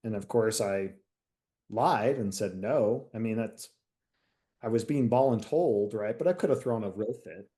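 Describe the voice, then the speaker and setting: A man's voice: lowish voice, measured pace. A retired detective sergeant from the United States, a man, telling a candid story in a casual interview and acting out the dialogue. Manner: candid, animated storyteller who acts out quoted dialogue.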